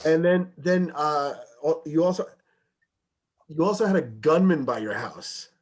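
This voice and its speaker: A man hosting a podcast who talks in a halting, stammering way and laughs along with his guest. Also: fairly high pitch. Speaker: podcast host. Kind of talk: casual chat.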